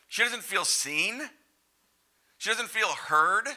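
Bright-toned, unhurried male preacher. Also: sits high. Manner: animated, conversational preaching with direct questions. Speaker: pastor. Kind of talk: sermon.

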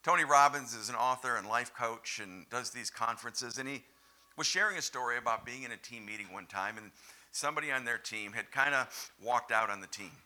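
A man preaching a sermon as pastor, stressing words hard and then dropping to hushed, low lines. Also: brisk.

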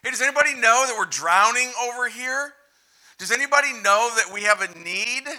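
A frantic, exasperated woman shouts that nobody is helping her, as a male preacher acts her out. Her voice jumps high and loud. It is bright and pleading, a sermon retelling acted aloud. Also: sing-song, slow pace, exaggerated voice. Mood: desperate. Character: frazzled overworked woman Martha, exasperated.

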